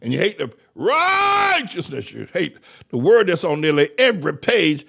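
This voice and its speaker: An older man preaching a fiery sermon as pastor, shouting, mocking and repeating phrases over and over. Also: fairly high pitch, wildly swooping pitch, moderate pace, vocal fry. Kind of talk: fiery street-style sermon.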